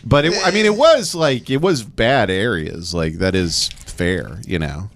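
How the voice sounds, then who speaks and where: A man's voice: fairly low pitch, lively intonation, a little slow, vocal fry, noisy background. Rambling, crude-joking man from Texas. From Texas Panhandle. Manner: rambling, crude storytelling with many fillers. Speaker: podcast co-host. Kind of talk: casual comedic chat.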